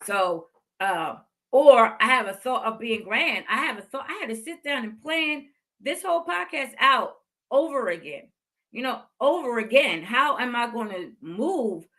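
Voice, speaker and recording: Fifties lady podcast host, heartfelt faith pep talk, high pitched, says stuff twice for emphasis. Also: lively intonation, unhurried, sharp tone. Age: 50s. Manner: heartfelt, repeats phrases for emphasis.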